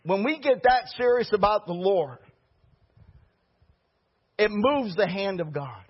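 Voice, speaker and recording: A man with a high, husky voice delivers a sermon, drifting into conversational storytelling as he talks to his congregation. The recording is dull and lo-fi, with muffled highs. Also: slow pace. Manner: storytelling preacher, animated and conversational. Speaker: preacher.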